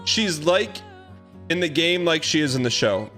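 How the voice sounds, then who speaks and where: A man in his thirties, a streamer telling a rambling, animated story in casual chat with comic exaggeration. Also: fairly high pitch, unhurried, soft background music.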